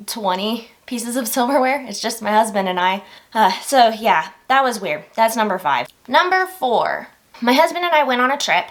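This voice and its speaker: A woman vlogger telling stories to the camera in a casual, animated, expressive way. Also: on the high side.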